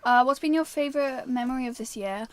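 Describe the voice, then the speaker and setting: A bubbly young woman with a Wiltshire accent chats through a livestream and reads viewer comments aloud. Her voice sits a little high and sounds close and dry. She talks freely and sometimes stumbles over her words. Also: brisk, dry recording. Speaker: livestream host. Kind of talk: casual livestream chat reading viewer comments. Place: on a narrowboat.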